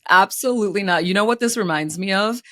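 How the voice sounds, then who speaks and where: A woman's voice: medium pitch, fast, a bit bright. Giggly woman podcast co-host. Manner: giggly, laughs often between lines. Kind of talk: casual chat.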